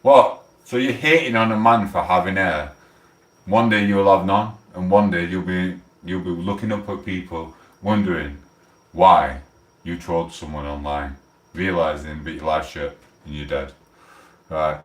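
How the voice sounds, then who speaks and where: A man's voice: low voice, fairly even intonation, measured pace. A man, chatting casually and rambling on a live stream, swearing freely as he talks from his kitchen. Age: 40s. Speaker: livestreamer. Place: home kitchen. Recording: roomy echo, distant from the mic.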